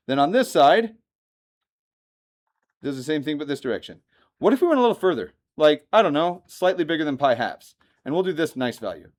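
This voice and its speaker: A man teaching a math lesson to a classroom, lively and joking, often asking the students questions. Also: a little high, a little fast. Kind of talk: classroom lecture.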